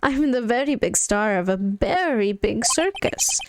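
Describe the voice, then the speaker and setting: A woman's voice: a little high, sing-song, unhurried, background noise. A woman doing a pompous flamboyant male showman. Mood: smug. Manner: pompous, calls people sweetie. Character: flamboyant vain male circus magician star.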